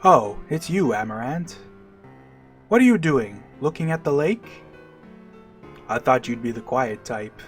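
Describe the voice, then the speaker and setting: A man reading the lines of a composed female knight from a video game in an even, measured way. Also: medium pitch, soft background music, close to an everyday voice. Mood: curious.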